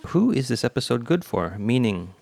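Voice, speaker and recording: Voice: medium pitch, big pitch swings, normal speed, vocal fry, a little mellow, a little hiss or hum. A podcast co-host chatting casually, dryly sharing production trivia. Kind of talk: casual chat.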